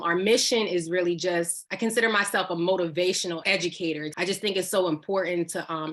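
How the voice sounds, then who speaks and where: Woman from New Jersey, slightly low pitch, enthusiastic educator making her introduction. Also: fairly bright tone. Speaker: educator and business owner. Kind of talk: self-introduction in a group call.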